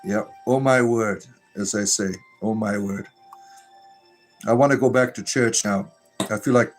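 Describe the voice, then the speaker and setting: A man's voice: medium pitch, fairly even intonation, a little slow, pauses often, soft background music. A man hosting a casual livestream, reading chat messages aloud in a joking, irreverent way and laughing often.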